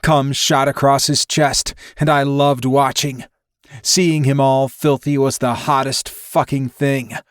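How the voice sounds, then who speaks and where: A man of middle pitch narrates a first-person romance audiobook, steady and intimate. The sound is very dry and close to the mic. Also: takes it slowly, clear, resonant tone, no room sound.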